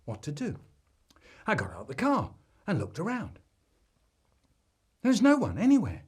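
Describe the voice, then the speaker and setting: Male storyteller. Husky, lively pitch, deadpan comic delivery. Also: unhurried. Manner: dramatic swings between deadpan and loud.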